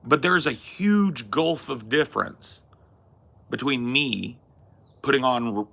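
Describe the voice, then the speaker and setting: A man's voice: mid-range voice, lively intonation, takes it slowly, creaky, bright, forceful tone. A man hosting a talk podcast, arguing his opinions emphatically with casual swearing. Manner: emphatic, swears, acts out quoted voices. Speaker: podcast host.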